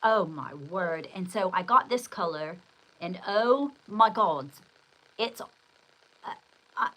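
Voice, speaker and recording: A woman's voice: lowish voice, lively intonation, slow pace, bright, forceful tone, rough recording. An older woman hosts a casual livestream. She rambles from one story to the next in an exclamatory way and stops to read viewer comments aloud. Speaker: livestream host.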